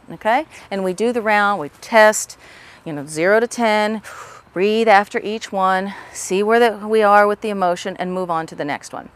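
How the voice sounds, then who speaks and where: A woman's voice: mid-range voice, moderate pace. A woman guiding listeners through a tapping exercise. She speaks in a patient, repetitive way, saying the practice phrases aloud as she goes and then explaining each step. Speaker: tapping instructor. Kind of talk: instructional demonstration.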